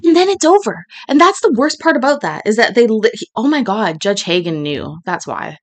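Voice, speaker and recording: A woman's voice: fairly high pitch, big pitch swings, brisk. A woman hosting a casual reaction stream, laughing and swearing freely as she comments on clips. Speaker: host reacting to court clips.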